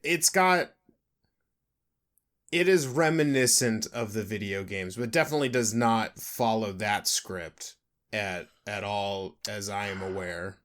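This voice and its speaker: A man co-hosting a casual podcast chat, joking and animated, with casual swearing. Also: fairly low pitch, measured pace. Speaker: podcast co-host.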